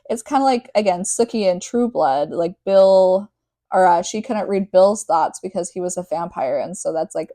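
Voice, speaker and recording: A young woman podcast host reads a novel aloud, then drifts into rambling, casual commentary sprinkled with "like." Her manner is chatty and rambling, with heavy use of the word. Her voice is on the low side and dark in tone, with no room sound.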